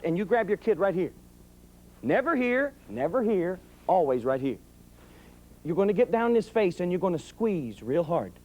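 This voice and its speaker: A middle-aged police sergeant with a high, slightly mellow voice addresses a live audience in a folksy, humorous talk about raising kids. His stories come with acted-out voices.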